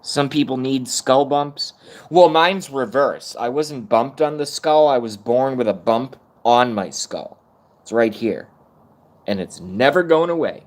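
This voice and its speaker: A man's voice: mid-range voice, expressive, measured pace. A man in his thirties ranting on a live stream, rambling and self-mocking, swearing often. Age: 30s. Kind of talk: casual rant on a live stream.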